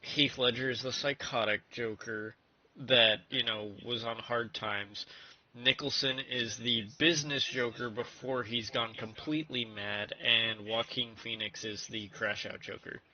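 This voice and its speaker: A man's voice: mid-range voice, steady tone, measured pace, pushed and bright. A man chatting casually with friends on a game stream, giving blunt opinions and swearing now and then. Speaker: co-player, stream guest. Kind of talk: casual gaming-stream chat. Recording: muffled lo-fi stream audio.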